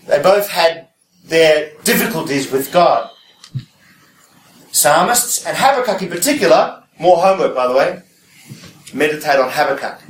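A man's voice: on the high side, reverberant, recorded from a distance, slight background noise, poor audio. A man preaching a conversational sermon, often checking in with his listeners through rhetorical questions.

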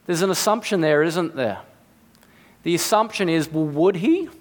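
High-voiced man preaching in a reverberant hall. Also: expressive, moderate pace. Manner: reasoning aloud with rhetorical questions and acted asides. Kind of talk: sermon.

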